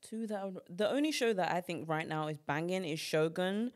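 A young woman with a slightly low voice co-hosts a laid-back podcast chat. She is blunt and slangy, gushing about what she likes. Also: animated, fairly quick. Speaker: podcast co-host. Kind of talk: casual chat.

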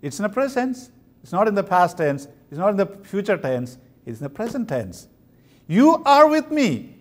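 Man from india preaching slow, voice swings up and down a lot, fairly high. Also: sing-song. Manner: slow, emphatic preaching with pauses. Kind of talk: sermon. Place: convention hall.

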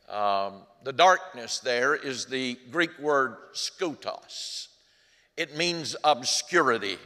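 A man preaching slowly with a bright, earnest voice in a reverberant church. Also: medium pitch, animated. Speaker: pastor. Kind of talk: sermon. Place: church sanctuary. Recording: long hall reverb.

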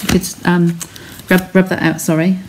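A woman's voice: lowish voice, little pitch movement, moderate pace, slight background noise. A woman chatting as she talks viewers through a craft technique step by step on a live stream from her home studio. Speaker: craft demonstrator.

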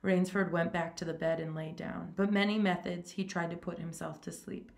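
A woman reading a short story aloud in a steady, plain manner, with small stumbles. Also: on the low side, normal speed, creaky. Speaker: reader.

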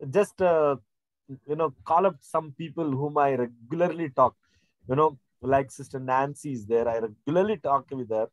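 A man's voice: a little high, no room sound, rough recording. A middle-aged man preaching a sermon, rambling with many fillers and restarts. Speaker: pastor. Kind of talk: sermon teaching.

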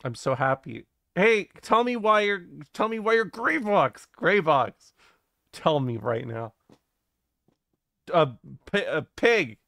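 A young man chats with his stream audience in a loose, rambling way, reading comments aloud and answering with jokes, curses and laughter. His voice sits a little higher than most men's. The sound is close and dry, with no room echo. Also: big pitch swings, slow pace, gravelly, bright, forceful tone. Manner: rambling and jokey, swears, laughs often, reacts to chat. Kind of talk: casual live-stream chat, reading chat aloud.

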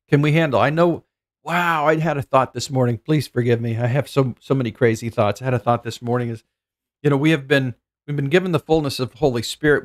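A middle-aged man preaching a sermon as pastor, earnest and thinking aloud, often repeating words as he goes. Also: medium pitch.

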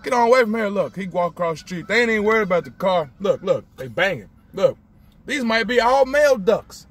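A man hypes up his viewers with repeated affirmations while filming himself outdoors by a street. His voice sits slightly high and the handheld phone picks up the open air around him. He swings easily into excited running commentary. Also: brisk, breathy edge. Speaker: motivational vlogger. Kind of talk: upbeat motivational vlog.

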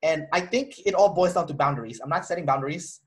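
Talking fast in a fairly high voice, a man gives an interview, telling a personal story casually and animatedly voicing the people in it, with frequent restarts.

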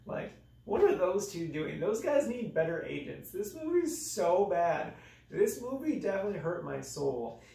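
A man's voice: sing-song, moderate pace, vocal fry, warm tone. Young man reviewing movies in an echoey room. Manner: exaggerated, self-mocking, dramatic swings in pitch. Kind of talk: casual comedic review monologue. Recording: echoey room, voice a bit off-mic.

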